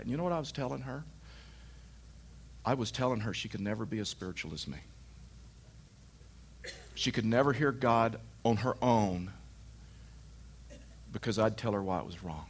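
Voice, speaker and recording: A man preaching a sermon, telling a lively personal story and acting out his wife's lines. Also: medium pitch, slight background noise.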